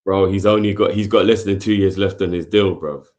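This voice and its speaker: A man co-hosting a casual football chat, calm and measured as he makes his point. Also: low voice. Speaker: football podcast co-host.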